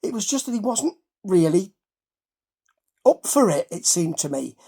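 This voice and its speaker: A man's voice: high-pitched, very animated, measured pace, creaky, dark tone, breathy edge. A man hosting a casual boxing chat, rambling and correcting himself as he goes. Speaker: host.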